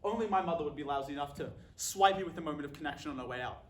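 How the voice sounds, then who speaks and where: A man with a high voice delivers a scripted comic monologue, dry and deadpan throughout. The sound is roomy and echoey, with faint ambient noise underneath. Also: racing.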